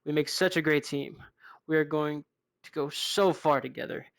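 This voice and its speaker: A clingy male wrestler sidekick from a game story, eager and pleading, as a man reads him out. The voice is pitched high with a gravelly grain. The sound is dry. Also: normal speed, dry recording.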